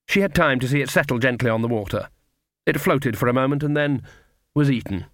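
A man narrating an audiobook in a measured, wry storytelling manner. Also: mid-range voice, fairly bright tone, dry recording, studio quality. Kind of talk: scripted narration.

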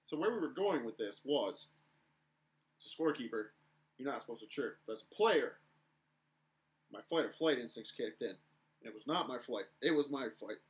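A young man co-hosting a casual podcast chat, telling stories in an animated way and acting out the shouting. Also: medium pitch, normal speed, pauses often. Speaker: podcast co-host.

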